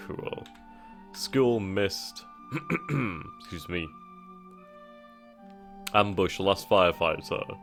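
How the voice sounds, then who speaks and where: A man with a very low voice talks through a game's setup menus, reading text aloud and thinking as he goes. He hesitates and muses casually as he chooses options. Faint music plays under his voice. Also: animated, very slow, long pauses. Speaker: gaming channel host. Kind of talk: casual let's-play commentary.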